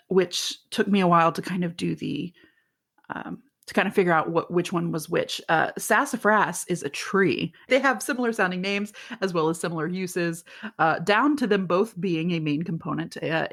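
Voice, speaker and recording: A woman co-hosting a podcast in casual chat, rambling and giggly, with a fairly deep voice and free swearing. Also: moderate pace, fairly bright tone. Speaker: podcast co-host.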